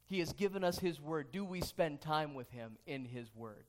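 A man's voice: a little high, expressive, moderate pace, darkish tone. Earnest man preaching a sermon. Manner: earnest, repeats questions and restarts phrases. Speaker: pastor. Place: church sanctuary.

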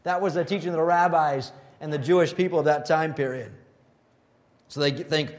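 A man delivering a sermon in an earnest preaching voice that sits a little high for a man. He reads scripture aloud and turns lively when he mimics the mockers. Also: normal speed. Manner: earnest preaching, rising to animated mock voices when quoting scoffers.

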